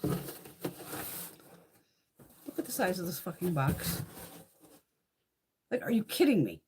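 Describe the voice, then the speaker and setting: A woman's voice: fairly low pitch, takes it slowly, slight background noise. A middle-aged woman chatting casually and profanely on a beauty live stream, laughing often and telling stories with lots of swearing. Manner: profane, laughing, animated storytelling.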